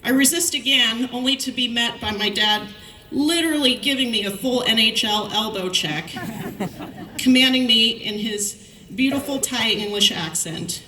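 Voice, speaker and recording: A middle-aged woman delivers a commencement speech as lively storytelling. Her voice is bright and crisp, heard from some distance off the mic. It rings through an echoey hall over a faint wash of room noise. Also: a little high, moderate pace. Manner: storytelling, lively anecdotes with quoted dialogue. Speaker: commencement speaker.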